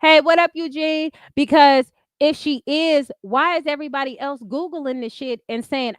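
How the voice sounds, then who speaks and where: A woman's voice: high voice, steady tone, normal speed, hardly any pauses, dry recording, studio quality. A woman hosting a livestream, ranting in a profane, combative way and answering her chat in casual speech. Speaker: livestream host. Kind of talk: heated casual commentary.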